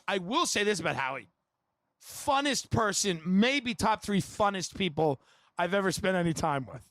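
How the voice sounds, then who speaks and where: A man with a fairly high voice tells comedic stories on a podcast. He talks in an animated, rambling way and chuckles between lines. The sound is dry and close. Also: moderate pace, no echo. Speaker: podcast host. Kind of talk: comedic storytelling.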